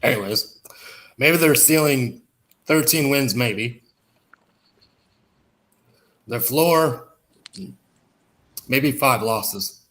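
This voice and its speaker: A man's voice: mid-range voice, extremely slow, pauses often, fairly bright tone. A man on a casual sports panel, wry and sarcastic, stretching out his words.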